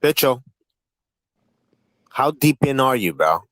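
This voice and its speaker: In a very animated yet unhurried way, a man with an ordinary middle-pitched, slightly bright voice hosts a casual stream panel, throwing profane, needling questions at his guests. The recording is close and dry, without room echo.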